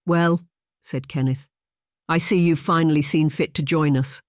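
A narrator voicing a drunken, bitter Scottish laird, gruff and scornful, with a Scottish accent. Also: medium pitch, steady tone, a little slow, no room sound, studio quality, lightly acted. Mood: angry.

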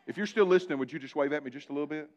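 Pastor guy preaching live in church, kinda high voice, lively, keeps teasing and calling on the crowd. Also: very fast, lo-fi sound. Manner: animated, talks directly to the congregation with asides and jokes. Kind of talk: live sermon. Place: church sanctuary before a congregation.

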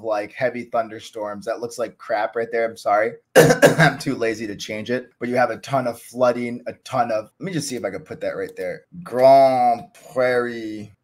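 Rambling, jokey man hosting a cricket vlog. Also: mid-range voice. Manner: rambling, jokey, lots of fillers. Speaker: cricket channel host. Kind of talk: casual screen-share commentary.

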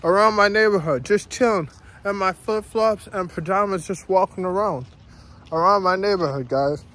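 This man's high-pitched, slightly bright voice moves at normal speed as he vlogs casually outside, walking his neighborhood. He rants, repeats himself, and keeps saying "guys" constantly.

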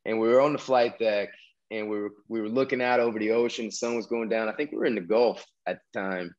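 A low-pitched man in his forties, chatting as a podcast guest. He rambles through his story, circling back with fillers and restarts. The audio is dull and lo-fi. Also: steady tone, quick pace, darkish tone. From American South. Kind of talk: casual storytelling interview.

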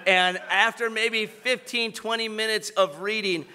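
High bright-voiced man preaching in a hall. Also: fairly even intonation, measured pace. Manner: personal testimony building to fervent preaching. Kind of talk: sermon. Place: large church hall.

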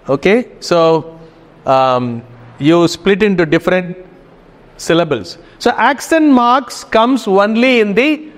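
A man giving a casual classroom lecture, often checking in with his students. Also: high-pitched. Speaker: teacher. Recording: reverberant hall.

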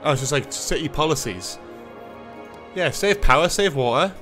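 A man commentates his own city-building livestream casually, swearing often, mocking himself, and talking to his chat. His voice is fairly high and bright, with lively intonation at a normal speed, over soft background music.

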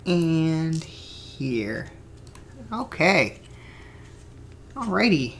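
A man's voice: on the high side, big pitch swings, drawn-out words, fairly bright tone, slight background noise. A man in his twenties rambling to himself into a desk microphone while building a toy kit, cracking jokes and swearing as he goes. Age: 20s. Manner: mutters and swears to himself, jokey asides. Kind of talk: rambling casual monologue.

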